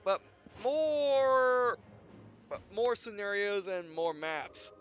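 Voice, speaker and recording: A young man hosting a let's play, out of breath and rambling with halting restarts as he talks through a game. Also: sits high, a bit bright. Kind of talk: casual gameplay commentary. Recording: dull lo-fi mic with faint game music.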